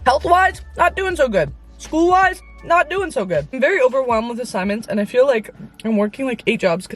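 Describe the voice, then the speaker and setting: A woman's voice: sits high, expressive, a little fast, soft background music. A young woman in her late teens vlogging from inside her car, rambling candidly as she vents to her viewers. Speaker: Christian influencer vlogger. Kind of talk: casual confessional vlog. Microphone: on-camera mic.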